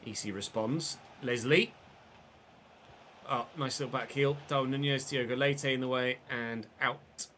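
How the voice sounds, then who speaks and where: A man with a cough, streaming a football game and commentating live, excitable and swearing freely while chatting to viewers. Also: mid-range voice, measured pace, a little hiss or hum. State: unwell, coughing. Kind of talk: live gameplay commentary and casual chat.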